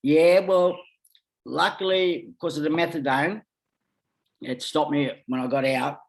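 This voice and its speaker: A man's voice: on the high side, measured pace, vocal fry. An Australian man telling rambling stories as a podcast guest, talking bluntly and swearing freely. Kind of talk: casual storytelling.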